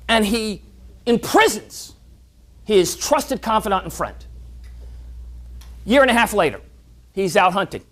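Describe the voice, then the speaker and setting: A speaker giving a motivational talk at a club meeting, animated, telling stories and often repeating words on restarts. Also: mid-range voice, unhurried, long pauses.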